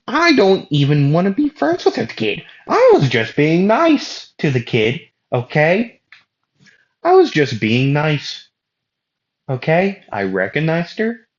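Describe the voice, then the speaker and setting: A man voicing a brash young male fighter who shouts his complaints, recorded on a dull lo-fi mic. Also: fairly low pitch, big pitch swings, slow pace. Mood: exasperated.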